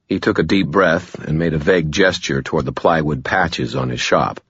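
A man reads a novel aloud in the first person, with a dry, wry delivery. His voice is extremely deep and husky. The recording is close and dead, with a dull, lo-fi sound. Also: moderate pace, hardly any pauses, fairly bright tone, no echo. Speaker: audiobook narrator. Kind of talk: first-person scripted narration.

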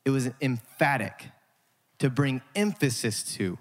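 A male pastor delivers a sermon with emphatic, dramatic pacing and pauses. His voice sits in a middle register. The sound carries a long reverb from a large church space. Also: medium pitch, lively intonation. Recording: hall reverb.

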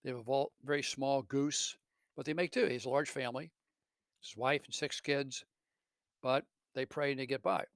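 An earnest man walks through a classic novel scene by scene, stopping to explain what it means. His pitch sits in the middle for a man. The recording is close and dry, with no room sound. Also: steady tone, normal speed, creaky, no room sound. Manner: earnest, with self-corrections. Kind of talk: retelling a story with commentary.

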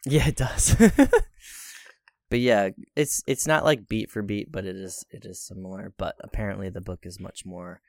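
A man's voice: lowish voice, moderate pace, creaky, darkish tone, dry recording, studio quality. A young man co-hosting a podcast in casual chat, chatty, laughing easily and swearing casually. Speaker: podcast co-host.

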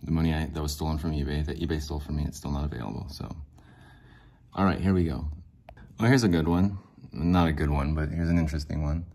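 A man's voice: rumbling low, fairly even intonation, quick pace, creaky, dark tone. A man hosting a podcast, talking through a rambling, sarcastic solo rant with lots of fillers. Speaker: podcast host.

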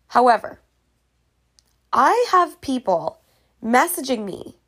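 Woman ranting profanely, higher voice. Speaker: vlogger. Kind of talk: casual ranting vlog.

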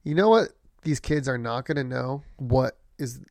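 A man with a gravelly, creaky voice talks in loose, profane podcast banter. He sounds brash and boastful. The sound is dry and close, with no room around it. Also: medium pitch, animated, moderate pace, darkish tone, dry recording. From United States. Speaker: podcast co-host. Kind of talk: casual chat.

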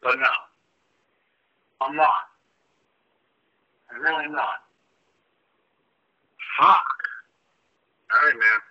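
A man's voice: mid-range voice, drawn-out words, pauses often. A young man calling in to a podcast by phone, telling a profane, exasperated rant about people at work. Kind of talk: ranting voice message. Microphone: phone on speaker. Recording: muffled phone playback.

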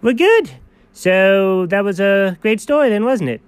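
A high-voiced man riffs through improvised comedy banter, his pitch leaping all over the place. He rambles and gasps theatrically, and the recording is close and dry. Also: animated, a little slow, clean tone, no echo. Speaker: comedy co-host.

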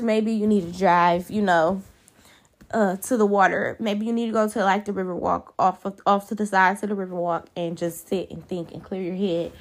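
Woman, casual motivational talk, chatty, conversational, a bit tired. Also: mid-range voice. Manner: conversational, chatty with fillers, addresses listeners as y'all. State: tired, yawning. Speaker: podcast host.

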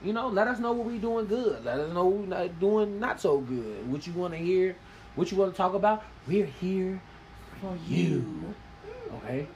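A man co-hosting a podcast, chatting loosely with lots of swearing and joking shoutouts. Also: high voice, animated, normal speed, slight background noise, rough recording. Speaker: podcast co-host. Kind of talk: casual banter.

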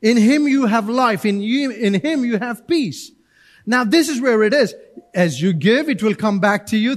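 High-voiced animated male pastor preaching. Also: unhurried. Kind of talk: sermon. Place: church.

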